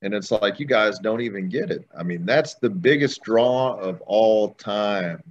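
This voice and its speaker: A man co-hosting a podcast, talking in a steady, reflective way, recorded with dull lo-fi sound and faint noise behind him. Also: fairly low pitch, measured pace. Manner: steady and reflective, talks things through. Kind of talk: casual podcast chat.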